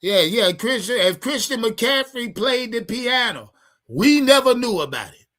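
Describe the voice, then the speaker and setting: Animated ranting male sports streamer. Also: very high-pitched, a little slow. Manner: heated, swearing, repetitive, talks to chat. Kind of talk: profane livestream sports rant.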